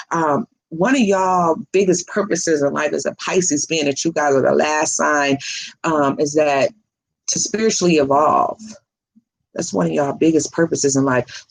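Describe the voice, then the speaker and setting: A woman's voice: lowish voice, poor audio. A woman spiritual reader chatting casually on a livestream, rambling and laughing often, with casual swearing.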